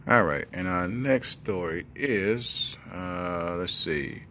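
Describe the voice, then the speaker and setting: A man with a lowish voice riffs on odd news stories and drifts into made-up tales. His talk is loose, slangy and rambling, full of jokes, with a faint hiss behind him. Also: slow, sharp tone. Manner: loose, joking, rambling storyteller with slangy speech. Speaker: podcast host reacting to news. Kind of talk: comedic news commentary.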